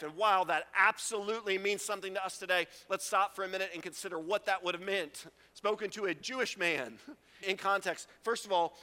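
A middle-aged man preaching a sermon as pastor, animated, acting out quotes and laughing often. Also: high-pitched, fairly quick. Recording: reverberant hall.

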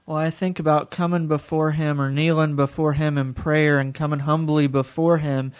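Calm young man, smooth even voice. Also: on the high side, moderate pace. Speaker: guest, son of the preacher. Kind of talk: conversational reflection.

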